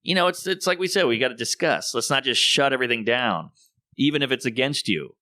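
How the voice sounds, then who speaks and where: A man, a comedian, talking in a casual podcast conversation and telling animated stories, acting out the voices of people he quotes. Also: medium pitch, a little fast, no echo. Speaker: comedian guest.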